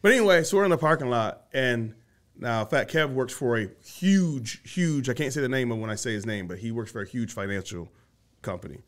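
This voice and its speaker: A man's voice: medium pitch, lively intonation, fairly quick. A man from Michigan hosting a podcast, telling a long story in casual chat, laughing often and swearing freely. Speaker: podcast host.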